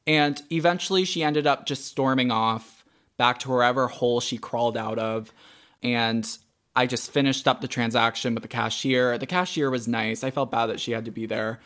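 A young man co-hosting a podcast, telling a story in casual chat, animated and swearing freely with lots of "like" fillers. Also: mid-range voice, normal speed. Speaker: podcast co-host.

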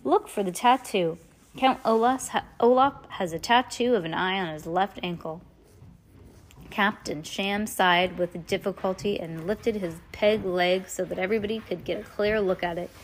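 A woman's voice: mid-range voice, moderate pace. Woman casually reading a novel aloud. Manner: relaxed, stumbles and chats between passages. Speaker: reader.

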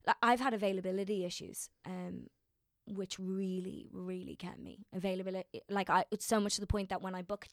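Young woman, actor, gravelly voice; emotional, rambling interview talk, dry sound. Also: mid-range voice, fairly even intonation, a little fast, no echo. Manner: emotional, rambling, many fillers and restarts. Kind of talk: casual interview chat.

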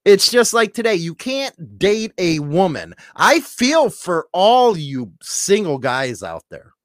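Loud, joking middle-aged man host. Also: high-pitched, big pitch swings, takes it slowly, no echo, studio quality. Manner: loud, joking, crude, swings from shouting to mumbling. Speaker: radio-style show host. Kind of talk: casual rambling monologue to a live chat.

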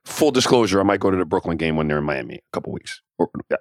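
A man's voice: low voice, animated, very fast, dry recording, clean studio sound. A man in his forties co-hosting a podcast in casual chat, laid-back and profane, telling stories at an easy pace. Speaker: podcast co-host.

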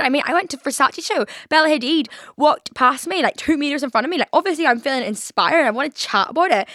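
A woman's voice: sits high, a bit bright, no room sound, clean studio sound. A young Irish woman hosting her own podcast, rambling through a story in casual chat, full of "like" and frequent swearing. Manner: rambling, lots of "like", swears freely. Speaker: podcast host.

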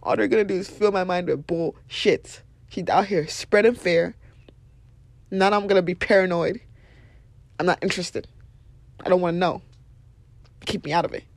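A young woman hosting a podcast, giving blunt, animated motivational talk, swearing freely and laughing often. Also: lowish voice, normal speed, pauses often, no echo. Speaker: podcast host.

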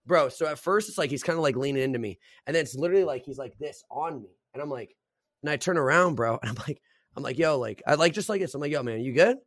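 A man's voice: a little high, fast talker, no room sound, studio quality. A young man hosting a casual podcast chat, telling rambling stories full of swearing and "bro". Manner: swears a lot, says "bro" and "dude"; rambling animated storyteller.

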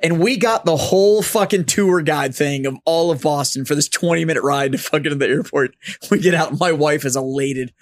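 A man hosting a podcast, telling stories in a casual bar chat, animated and swearing freely. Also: fairly high pitch, normal speed, dry recording, studio quality. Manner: animated storyteller, swears freely, mimics voices. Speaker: podcast host. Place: studio set up as a bar.

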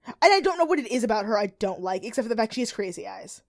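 A young woman co-hosting a casual recap podcast, animated and ranting, often acting out quotes. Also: a little high, very fast, no echo, studio quality. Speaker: podcast co-host.

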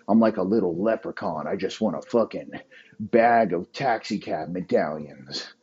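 A man's voice: low-pitched, takes it slowly, a little mellow, slightly rough, dull audio. A man hosting a podcast, ranting in crude, rambling riffs and laughing at his own jokes. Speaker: podcast host. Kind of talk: profane comedic rant.

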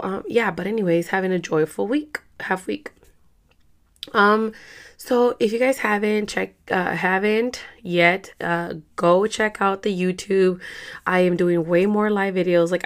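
A hoarse young woman hosting a podcast in casual, rambling chat, full of fillers and throat-clearing. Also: fairly low pitch. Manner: rambling, chatty, many fillers. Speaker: podcast host.

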